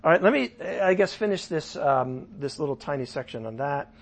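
A man with a fairly high pitch and moderate pace leads a casual sermon Bible study as pastor. Animated throughout, he quizzes the audience with questions and works in jokes while teaching.

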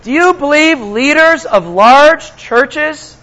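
A man's voice: extremely high pitch, animated, slow, sharp tone, rough recording. A man preaching a sermon as pastor, talking conversationally to his congregation and slipping in sarcastic asides.

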